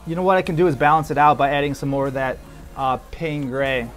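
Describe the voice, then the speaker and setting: A relaxed man talks through his airbrush work in a casual how-to style, with "like" and "man" scattered through his sentences. His voice sits a little on the high side. Soft music plays faintly behind him. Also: fast. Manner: relaxed, loose, says "like" and "man" a lot. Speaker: airbrush artist. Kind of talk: casual how-to commentary while painting.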